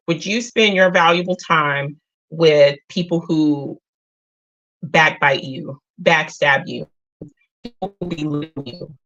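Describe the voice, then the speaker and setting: A woman hosting a casual spiritual livestream, talking unhurried and earnest, with many filler sounds. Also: sits low, fairly bright tone, lo-fi sound. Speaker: livestream host.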